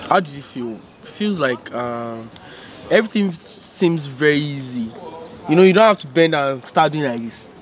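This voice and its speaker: A man's voice: on the high side, animated, normal speed. A Nigerian man, a photographer, chatting casually and jokingly, imitating sounds as he talks. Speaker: photographer guest. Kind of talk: casual chat. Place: outdoors at a busy hangout. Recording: crowd voices around.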